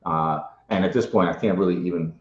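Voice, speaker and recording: A middle-aged man from Ukraine giving a casual interview, emphatic, often tagging "right?" onto his points. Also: low voice. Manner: fast, emphatic, keeps adding "right?". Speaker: interviewee, sneaker collector. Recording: roomy, dull sound.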